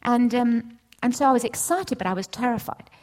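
This middle-aged church speaker delivers a testimony sermon in lively storytelling form, moving at a moderate clip. Whenever she quotes someone, she acts out their voice, swinging widely up and down in pitch.

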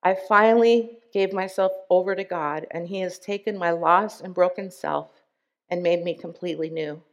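A woman speaking at a church service, reading a member's testimony aloud in an earnest, deliberate way with emphatic pauses. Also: lowish voice.

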